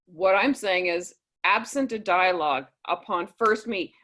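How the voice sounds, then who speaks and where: Animated woman trainee asking questions. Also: medium pitch, measured pace. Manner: animated, retells conversations in quoted voices. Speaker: coaching trainee. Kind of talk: group call, asking a question.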